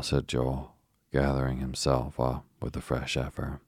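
A man reading a children's story aloud as a bedtime narration, slow, soft and steady, with a husky voice. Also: very deep voice, no room sound, clean studio sound.

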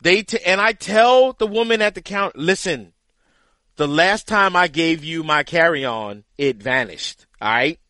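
A man co-hosts a podcast in casual conversation, telling a story with animated exasperation. His voice sits high and swoops widely. The sound is dry and close. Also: unhurried, no echo. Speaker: podcast co-host, the caddie.

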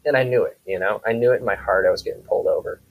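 Low-voiced man telling a rambling story. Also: racing, gravelly, phone-quality sound. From South Dakota. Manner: rambling retelling full of quoted dialogue and repeated "I said". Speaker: podcast guest. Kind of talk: casual storytelling.

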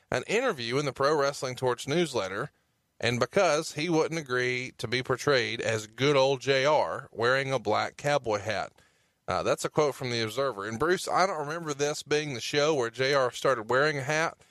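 A man's voice: medium pitch, a bit bright, no echo. A man co-hosting a podcast, reading quotes and prompting his partner with questions in a casual chat. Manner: prompting, reads quotes, plugs. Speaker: podcast co-host.

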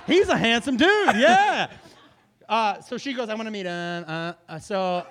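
A man's voice: sits high, a little slow. A man hosting a casual chat, telling funny stories with laughter and profanity. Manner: animated, laughing, profane storyteller. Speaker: podcast host and comedian.

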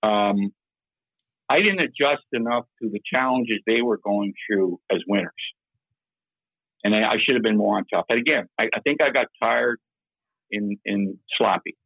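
An older man, a former hockey executive, speaking candidly and haltingly in an interview, often restarting his words. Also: on the low side, creaky, fairly bright tone, slightly rough, no room sound, muffled recording. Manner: halting, repeats words, plain-spoken and self-critical. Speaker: interview guest, former hockey general manager. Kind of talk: candid interview over a call-in line.

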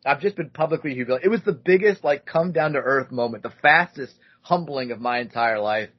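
A man in his thirties hosting a podcast, telling a story in a casual, animated way and acting out other people's lines with lots of "like". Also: medium pitch, fairly quick, lo-fi sound. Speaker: podcast host.

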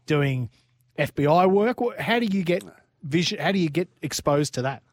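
A man hosting a casual motorsport talk, asking quick questions and laughing often. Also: a little high, lively intonation, no room sound, clean studio sound. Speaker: host. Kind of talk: casual chat.

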